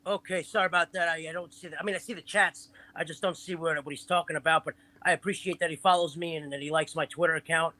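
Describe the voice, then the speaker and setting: A man from Long Island with a New York accent, a guest chatting on a live video call show, animated and self-promoting. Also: fairly high pitch, quick pace, few pauses, poor audio. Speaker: guest, pro wrestling trainer. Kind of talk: casual live show chat.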